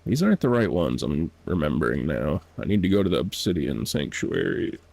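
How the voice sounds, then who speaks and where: A man's voice: extremely low pitch, big pitch swings, brisk, vocal fry, darkish tone, breathy edge. A man streaming a game, chatting casually to himself, laughing often and sounding out foreign words. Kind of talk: casual gameplay commentary.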